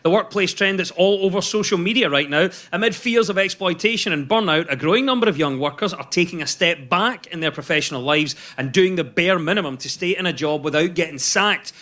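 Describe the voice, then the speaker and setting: Bright high-voiced male quiz host. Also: a little fast, few pauses. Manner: deadpan joke delivery. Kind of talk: scripted comic news reading and quiz hosting.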